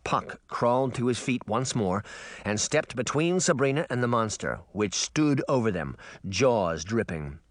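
A male narrator reading a fantasy adventure in an expressive, dramatic style. His voice rises and falls with lively intonation. The recording is close and dry, with no room sound. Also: mid-range voice, no echo. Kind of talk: audiobook narration.

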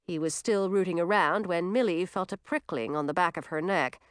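A woman narrating a children's storybook aloud in a lively, expressive way. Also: on the low side, normal speed, clear, resonant tone, no room sound, clean studio sound.

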